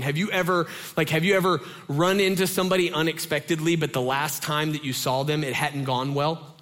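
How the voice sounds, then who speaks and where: A man in his thirties preaching a casual sermon, telling stories in an animated way with many fillers. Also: mid-range voice. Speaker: pastor.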